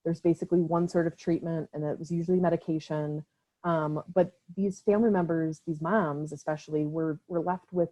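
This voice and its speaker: A woman's voice: deep voice, fairly even intonation, brisk, dark tone. A young woman from Wisconsin with an Upper Midwest accent gives an online training talk for a mental health nonprofit, speaking casually with many fillers and a frequent "right?". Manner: casual, filler-heavy, often tags "right?". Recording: slightly dull lo-fi call audio.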